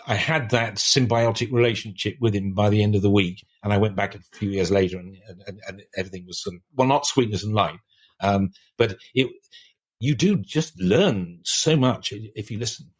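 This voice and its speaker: A man's voice: on the low side, moderate pace. An older man, a writer guest on a podcast, talking in a reflective, discursive way with many restarts. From England. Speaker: author guest.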